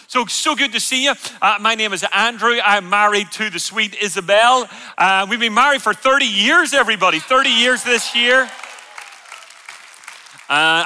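A man in his fifties with an Irish accent, preaching a live sermon with jokes and playful banter with the congregation. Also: sits high. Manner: jokey, loud, playful with the crowd. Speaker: guest pastor. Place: church auditorium. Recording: long hall reverb.

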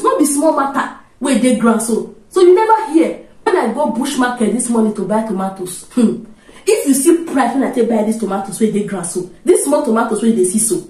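Casting: a woman doing a high-voiced, pleading market seller, heard from a distance in a roomy space. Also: warm tone, a little hiss or hum. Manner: Nigerian Pidgin market haggling, high and insistent.

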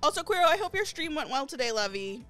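A woman streaming a game live, chatting to her viewers and gushing excitedly over new items. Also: sits high, fast talker. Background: faint game lobby music.

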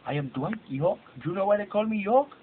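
A man's voice: high-pitched, lively intonation, quick pace, voice pushed up. A man doing an indignant boastful footballer. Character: Dwight Yorke impression, boastful male footballer. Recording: tinny lo-fi home recording with hiss.

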